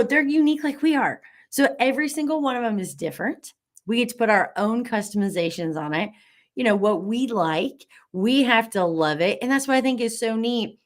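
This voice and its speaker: A woman hosting a live online class, bubbly and encouraging, reading out viewer comments with lots of fillers. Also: on the high side.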